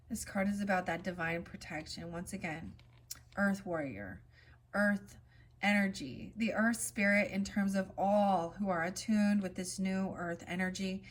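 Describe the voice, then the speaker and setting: A woman's voice: mid-range voice, fairly even intonation. Chatty woman giving an oracle card reading. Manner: chatty, rambling asides; reads card meanings in a soft, slow cadence. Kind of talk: casual spiritual card reading.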